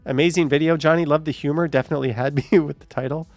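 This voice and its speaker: A man's voice: on the high side, brisk, vocal fry, a little mellow, no echo. A man hosting a casual livestream, reading out chat comments with joking, sarcastic asides and a bit short of breath.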